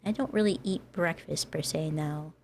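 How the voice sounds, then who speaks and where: A woman's voice: deep voice, normal speed, gravelly, a little mellow, a little hiss or hum. An American woman who streams as a VTuber, chatting casually with her viewers and laughing often. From United States. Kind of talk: casual livestream chat.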